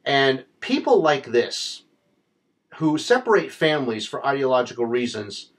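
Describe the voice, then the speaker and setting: Impassioned American man commentating. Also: medium pitch. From United States. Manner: impassioned, blunt, repetitive emphasis. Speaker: political commentator. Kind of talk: opinion commentary.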